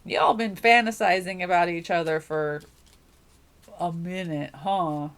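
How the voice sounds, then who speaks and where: A woman's voice: fairly low pitch, steady tone, unhurried. A woman giving a casual tarot reading, giggling often and rambling as she muses aloud. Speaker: tarot reader.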